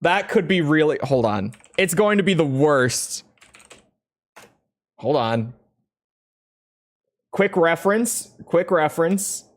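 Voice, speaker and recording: Dude w a sore throat rambling slow while he plays, lots of pitch swing. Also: expressive. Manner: rambling, self-mocking, laughs often. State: strained throat. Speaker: gaming streamer. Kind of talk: casual commentary while playing.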